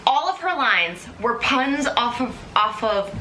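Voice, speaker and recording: A woman hosting a show, gushing and rambling excitedly in casual chat, with lots of fillers. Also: fairly high pitch, measured pace, roomy sound, slight background noise. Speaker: host. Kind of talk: casual recap talk.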